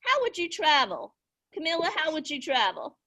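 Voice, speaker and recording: A middle-aged woman teaching young children over a video call, slow and sing-song, encouraging them with little gasps of delight. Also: high voice, big pitch swings, bright, forceful tone. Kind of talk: online class lesson for young children.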